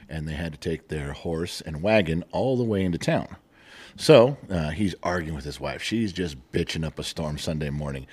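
A middle-aged man with a low, husky voice that swings widely in pitch as he spins a long tall tale. He teases his family in loose, casual podcast banter. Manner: teasing, tells long deadpan joke stories. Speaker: podcast co-host, dad.

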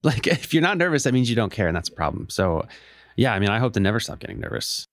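A man's voice: lowish voice, big pitch swings, fast talker, dry recording. A man interviewing a guest in a casual way, giving short encouraging replies. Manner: brief encouraging responses and laughs.

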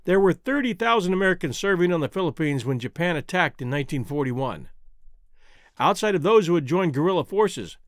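A man's voice: fairly high pitch, lively intonation, no room sound, clean studio sound. Solemn man narrating war history. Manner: measured, solemn storytelling. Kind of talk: scripted documentary narration.

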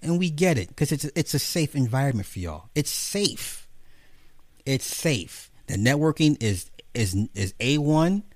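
A man delivering a profane, animated commentary rant, mocking the people he talks about. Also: normal speed, few pauses, dry recording. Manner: profane, animated, mocking, jumps into high mimicking voices. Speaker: commentary host. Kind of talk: ranting commentary monologue.

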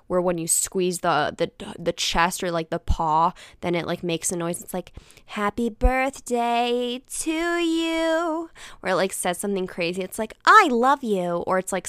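A woman's voice: on the low side, fairly bright tone, clear, resonant tone, dry recording, studio quality. A young woman telling a casual, rambling story, swearing freely and breaking into little voices for the people in it.

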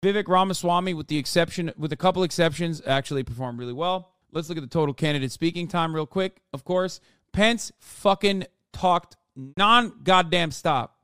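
A man's voice: a little high, fast talker, few pauses, smooth, dry recording, studio quality. A man hosting a livestream, giving profane, ranting political commentary with mocking asides. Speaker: livestream host.

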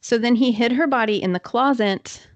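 A woman hosting a podcast, telling a true crime story in a casual, chatty way with quick asides and fillers. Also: fairly high pitch, dry recording, highs cut off. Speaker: podcast host.

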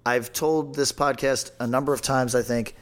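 A man's voice: medium pitch, fairly even intonation, normal speed. A man hosting a podcast, talking casually and profanely, rambling with restarts and dry sarcasm. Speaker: podcast host.

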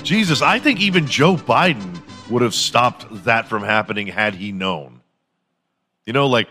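A man's voice: mid-range voice, expressive, a little slow, pushed and bright, faint music behind. A man hosting a podcast in a crude, mocking comedic rant, swearing freely and slipping into silly impressions. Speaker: podcast host.

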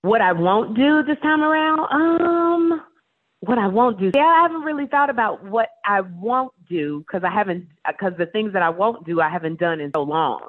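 A woman talk show host, a guest in a casual radio interview, telling stories in a playful, animated way. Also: mid-range voice, normal speed. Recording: tinny phone line.

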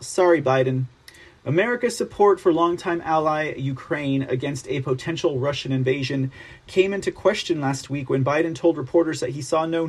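A man hosting a political news commentary show, reading articles aloud and mocking them in an animated, sarcastic manner. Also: on the high side.

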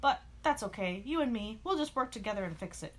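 A woman reading aloud, voicing a small, timid, friendly male sidekick truck in a meek, gentle way. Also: a little high, lively intonation, brisk.

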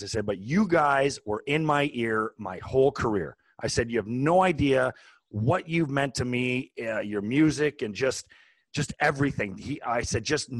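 A man in his forties, a podcast co-host, telling a long casual story with lots of restarts and animated asides. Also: mid-range voice, no room sound. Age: 40s. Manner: animated, rambling with many restarts.

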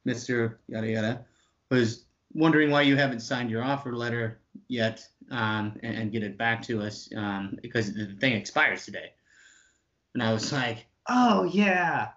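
A man in his twenties telling an animated story, swearing freely and acting out the other people's lines. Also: mid-range voice, normal speed, highs cut off.

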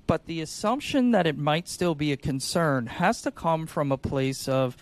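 A man on an insurance sales podcast giving tactical advice in a lively, demonstrative way, often acting out calls. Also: fairly high pitch, moderate pace. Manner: animated, acts out sales calls.

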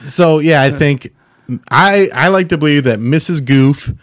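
A man co-hosting a comedy podcast in casual chat, reading trivia aloud in a wry, deadpan way with small restarts. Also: on the high side, unhurried, no echo, clean studio sound. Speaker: podcast co-host.

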